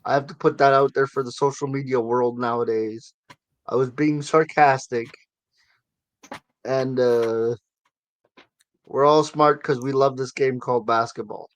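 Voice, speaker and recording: A man's voice: mid-range voice, fairly even intonation, a little slow, pauses often. A man hosting a sports talk show in a loose, chatty way, with a mid-range voice. He tosses in sarcastic asides as he wraps things up. The sound is dry and close, with no room echo. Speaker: sports podcast host. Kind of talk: casual sports chat.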